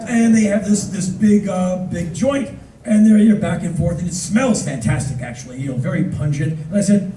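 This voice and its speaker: A man telling funny stories live on stage, lively and loud at times, acting out other people's voices. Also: high-pitched, a little fast. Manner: animated, acts out voices, loud bursts. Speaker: spoken word performer. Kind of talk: live spoken word storytelling. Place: theater stage before an audience. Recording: roomy, distant audience recording with noise. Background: audience laughter.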